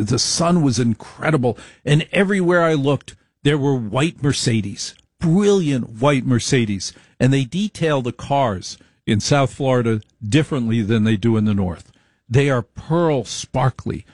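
A middle-aged man telling a story in a monologue, emphatic and repetitive, slowing down to stress his points. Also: mid-range voice, a little mellow, husky, no echo, clean studio sound.

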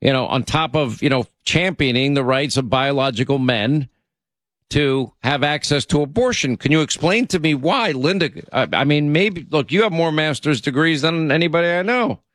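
Male talk radio host, emphatic and brisk, dry studio sound. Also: a little high, a bit bright, no room sound. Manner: brisk, emphatic, many fillers. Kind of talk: talk radio monologue and banter.

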